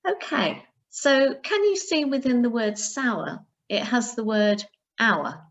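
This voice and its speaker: A woman primary school teacher, giving a recorded reading lesson, sounding out words slowly and carefully for pupils. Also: a little high, lively intonation.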